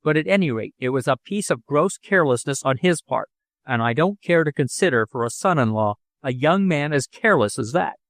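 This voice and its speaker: A blustering middle-aged father, quick to panic and scold, as a male narrator acts him out. The voice jumps high and swings widely, dry and close-miked. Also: expressive, no room sound.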